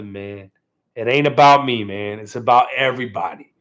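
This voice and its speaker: A man runs a casual live stream from home, his mid-range voice animated, pushed and bright at a moderate pace. He chats easily with viewers, keeps thanking them, and closes phrases with "man." The audio is dull and lo-fi.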